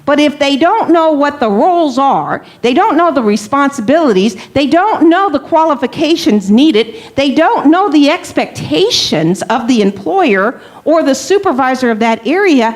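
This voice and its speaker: Woman leading a church workshop, higher voice. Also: big pitch swings, normal speed, few pauses. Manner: conversational, checks in with "okay?" and questions to the audience. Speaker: workshop presenter. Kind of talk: church leadership workshop talk. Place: workshop room.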